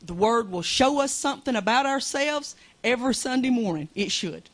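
Woman preacher, high voice, fervent sermon, plain everyday talk. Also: animated, normal speed. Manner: fervent, conversational preaching with Southern colloquialisms. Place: small church.

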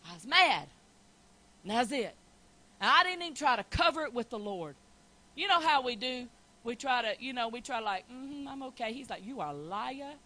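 A woman preaching a sermon, building from quiet storytelling to loud, shouted preaching. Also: high-pitched, rough recording.

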